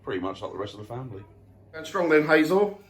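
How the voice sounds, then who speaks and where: A man's voice: mid-range voice, sing-song, quick pace. A man, joking and teasing his family in a casual home vlog. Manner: teasing, playful banter. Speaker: family vlogger.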